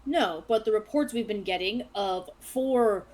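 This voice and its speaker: A woman voicing a stern, gruff male town guard who speaks curtly and with a threat. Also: mid-range voice, measured pace, a little mellow, natural voice. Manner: curt, threatening.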